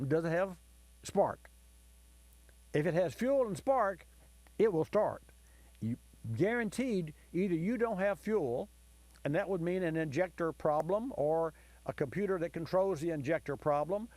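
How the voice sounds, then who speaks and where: A man's voice: a little high, darkish tone, no echo. A man hosting a call-in car-repair radio show, explaining diagnostics in a folksy, explanatory way to callers and listeners. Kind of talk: call-in advice talk.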